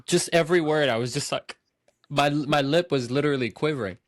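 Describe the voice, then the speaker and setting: A man hosting a casual movie podcast, telling stories in an excitable, animated way. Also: fairly high pitch, fairly quick, no room sound, clean studio sound. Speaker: podcast host.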